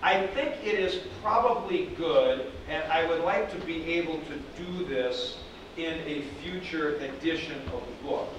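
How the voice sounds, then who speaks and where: A man lectures a class in a loose, conversational way, circling back to repeat his points. He speaks slowly in a voice a bit higher than most men, and he sounds distant from the mic in a very echoey room with steady noise behind him. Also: muffled recording. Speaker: teacher.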